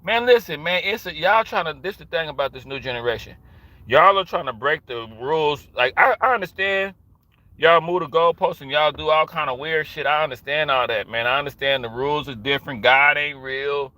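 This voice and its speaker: A man's voice: a little high, brisk, sharp tone, dry recording. A man streaming live commentary, slangy and boisterous, riffing to his chat. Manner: slangy, boisterous, storytelling with put-on voices. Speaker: streamer reacting to news.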